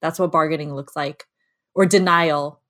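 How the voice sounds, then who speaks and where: A woman's voice: deep voice, steady tone, moderate pace, a bit bright. A woman talking casually and animatedly as a podcast co-host, laughing often and acting out her inner voices. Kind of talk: casual conversation.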